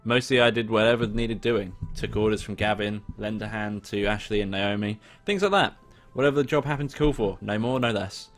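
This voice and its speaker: A man's voice: on the low side, fairly even intonation, fairly quick, few pauses. Casual young man reading a game aloud. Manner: casual, swears, laughs at himself. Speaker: let's play host. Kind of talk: reading a visual novel aloud with commentary. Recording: faint background music.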